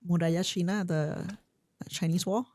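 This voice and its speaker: A woman's voice: fairly low pitch, steady tone, moderate pace, noisy background. A young woman co-hosting a podcast, chatting casually and laughing often. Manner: laughing, encouraging listener. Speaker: podcast co-host.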